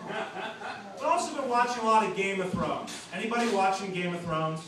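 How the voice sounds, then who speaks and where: A man doing an open mic stand-up set in a small supper club, with a punchy delivery and sudden loud outbursts. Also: sits high, normal speed. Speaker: stand-up comedian. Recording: distant, echoey club recording with room noise. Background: audience laughter and club ambience.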